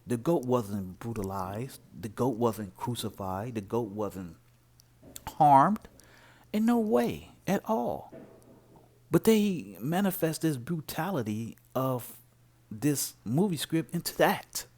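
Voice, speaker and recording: A man's voice: mid-range voice, a little mellow. A man, preaching informally and emphatically, often stopping to ask rhetorical questions. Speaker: religious commentator.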